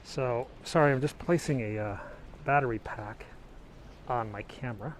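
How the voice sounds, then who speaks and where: A man's voice: mid-range voice, moderate pace, background noise. A middle-aged man vlogging on a snowy walk outdoors, chatting in a rambling, anecdotal way as he films on a handheld camera. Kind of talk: casual walking tour commentary. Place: snowy city street outdoors.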